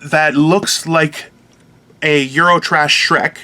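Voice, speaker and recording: A man co-hosting a casual talk show, ranting in an animated, self-mocking way. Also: a little high, slow. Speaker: co-host. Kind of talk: casual chat.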